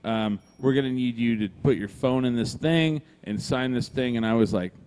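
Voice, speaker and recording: A man's voice: medium pitch, normal speed, clean tone. A man telling a long, profane story in casual chat, acting out the other people's lines. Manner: profane, animated, acts out dialogue. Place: brewery.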